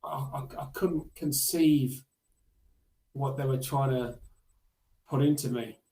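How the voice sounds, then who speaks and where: A man telling stories from his childhood as a podcast guest, reflective and halting, with many restarts. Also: mid-range voice, mellow, echoey room, low-quality recording. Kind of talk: storytelling in a podcast interview.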